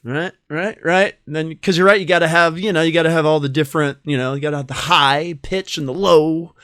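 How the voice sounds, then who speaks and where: Playful podcast host guy from massachusetts, high bright voice, bouncy, rambly, dry close sound. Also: fast talker, smooth, dry recording. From Massachusetts, USA. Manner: playful and animated, laughs often, rambles with fillers. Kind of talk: casual podcast chat.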